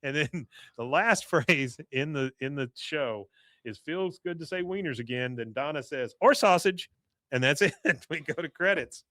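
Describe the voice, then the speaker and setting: A man's voice: fairly high pitch, expressive, a little slow, fairly bright tone, dry recording. A man co-hosting a podcast, casually retelling a cartoon episode and quoting its characters with frequent laughs. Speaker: podcast co-host.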